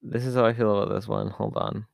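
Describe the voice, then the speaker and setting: A man's voice: on the low side, little pitch movement, fast, creaky, no room sound. A man hosting a podcast on his own, talking in a casual, rambling way with lots of fillers and asides. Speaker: podcast host. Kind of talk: casual solo podcast talk.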